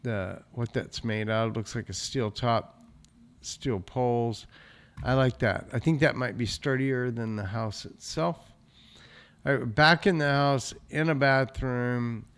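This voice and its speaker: A man hosts a real estate show, talking casually over property photos. He speaks at an unhurried, musing pace, thinking aloud and often stopping to clear his throat. His pitch sits in an ordinary middle range. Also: fairly bright tone. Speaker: real estate investor host. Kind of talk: casual walkthrough commentary on listing photos.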